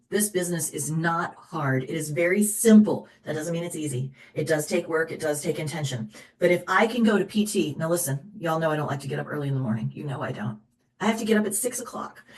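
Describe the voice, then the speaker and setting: A woman sales director leading a motivational team call, chatty, upbeat and encouraging as she coaches her team. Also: on the low side. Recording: roomy, echoey recording.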